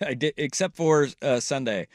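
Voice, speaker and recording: A man hosting a casual sports podcast, chatty, animated and quick to laugh. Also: mid-range voice, no echo, studio quality.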